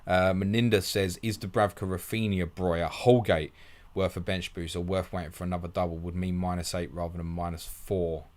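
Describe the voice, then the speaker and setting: Low-voiced man rattling through questions. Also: level tone, normal speed, a little mellow. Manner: blunt, matey, rattles through questions, calls everyone mate. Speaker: fantasy football stream host. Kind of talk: fast live Q&A reading viewer questions.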